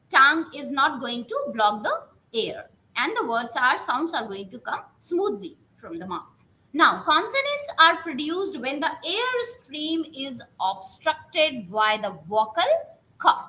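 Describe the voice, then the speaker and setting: Woman, teacher, pronunciation lesson, repeats sounds, high, lively pitch. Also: poor audio. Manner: slow, repeating each sound, drawn out vowels.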